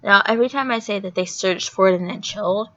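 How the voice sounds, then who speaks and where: A young woman with a mid-range voice talks fast, vlogging a rambling, animated retelling of a story despite a sore throat. Fillers pepper her chatty delivery, and the sound is dull and lo-fi.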